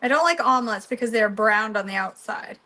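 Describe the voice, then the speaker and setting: Chatty middle-aged woman, home cooking vlogger, teasing and fairly high-pitched. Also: expressive, brisk, bright, forceful tone, rough recording. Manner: chatty, teasing, talks to viewers by name. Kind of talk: casual chat while cooking. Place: home kitchen.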